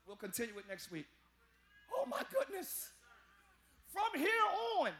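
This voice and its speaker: High-voiced preacher with shouted peaks. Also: male voice, wildly swooping pitch, a little slow, pauses often. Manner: preaching with sudden shouted peaks and quiet asides; folksy, speaks to the congregation as y'all. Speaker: pastor. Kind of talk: live sermon. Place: large church.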